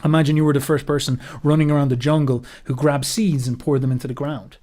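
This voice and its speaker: A man giving a casual philosophical monologue, telling a story in a rambling, animated way and swearing freely. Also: a little high, fast talker. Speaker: philosophy commentator.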